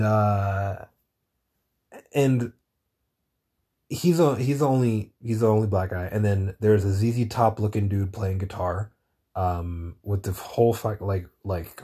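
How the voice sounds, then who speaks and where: A man's voice: on the low side, dark tone, slightly rough. A man hosting his own show, talking in a meandering, casual monologue full of swearing and searching for words. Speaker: podcast host.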